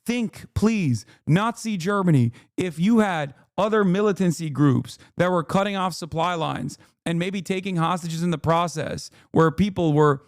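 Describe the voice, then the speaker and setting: Hoarse man ranting on a livestream. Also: high-pitched, normal speed, hardly any pauses, no echo, studio quality. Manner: profane, exasperated ranting. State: losing his voice. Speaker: livestream host. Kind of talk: heated reaction commentary.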